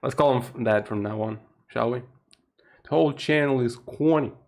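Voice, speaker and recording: A young man from Portugal with a Portuguese accent, keeping his voice low at night while chatting on a live stream, laughing often and swearing casually. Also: normal speed, creaky. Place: home room at night.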